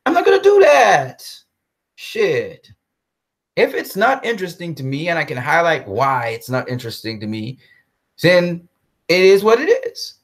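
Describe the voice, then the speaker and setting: A man's voice: a little high, creaky, fairly bright tone. A man delivering a blunt, profane movie-commentary rant, repeating himself for emphasis. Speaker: commentary host. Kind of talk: ranting film commentary vlog.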